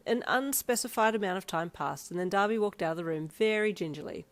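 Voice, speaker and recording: A woman narrating a second-person fan fiction story in an even storytelling manner. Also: mid-range voice, a little fast, few pauses. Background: faint instrumental music.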